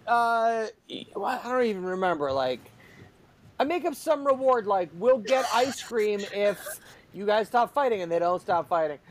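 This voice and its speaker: A man in his forties tells a chaotic family story in a casual chat. His pitch swings widely, and he acts out the kids' shouting with real energy. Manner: animated, acts out shouting kids. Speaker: parent telling a family story.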